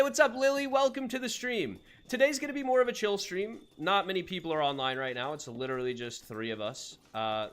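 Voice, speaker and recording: A man's voice: mid-range voice, fairly bright tone. A man casually chatting on his live game stream, greeting viewers by name and reading chat aloud.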